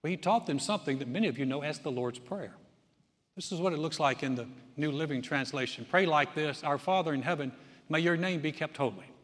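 A man's voice: a little high, brisk. A man preaching a sermon as pastor, telling stories and acting out the people in them. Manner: animated storyteller, acts out quoted voices. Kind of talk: sermon with storytelling. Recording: long church reverb.

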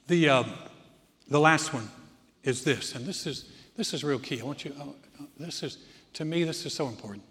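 High-voiced pastor preaching in a reverberant hall. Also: male voice, moderate pace, long pauses, slight background noise. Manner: animated, repeats phrases for emphasis. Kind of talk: sermon. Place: large church hall.

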